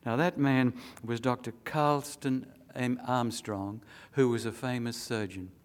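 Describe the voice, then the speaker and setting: A man's voice: mid-range voice, steady tone, measured pace. Man, preacher, sermon, earnest storytelling, emphatic appeals.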